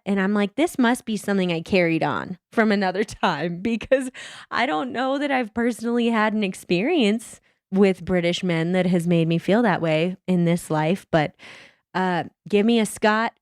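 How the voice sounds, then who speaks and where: A woman's voice: fairly low pitch, clean tone, no echo, clean studio sound. An American woman co-hosting a podcast, chatting casually and laughing often, with lots of "like" and "I mean.". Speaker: podcast co-host. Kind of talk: casual chat.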